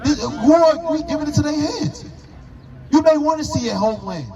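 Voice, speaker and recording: High-voiced man preaching hard outdoors. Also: animated, moderate pace, lo-fi sound. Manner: forceful, rhetorical questioning, emphatic. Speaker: street preacher. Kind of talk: street preaching. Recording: crowd noise around.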